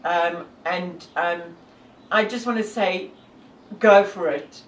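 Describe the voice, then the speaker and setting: A woman's voice: on the low side, slow, recorded from a distance, a little hiss or hum. Earnest South African woman, echoey room. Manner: earnest, devout, rambling with many fillers. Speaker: hiker and vlogger. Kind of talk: casual talk to camera.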